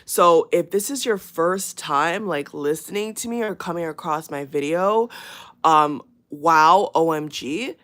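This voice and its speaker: A woman with a fairly low voice talks straight to her viewers in an unscripted, rambling way. She circles back on her words and leans on fillers, but stays emphatic and earnest. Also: fairly bright tone. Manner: rambling, repeats herself, many fillers. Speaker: channel host. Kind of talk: casual spoken warning to viewers.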